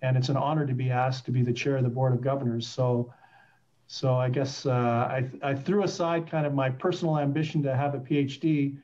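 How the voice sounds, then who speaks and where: A middle-aged man from Canada telling stories in a casual interview, animated and acting out quoted voices. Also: medium pitch, brisk, dull audio. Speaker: guest.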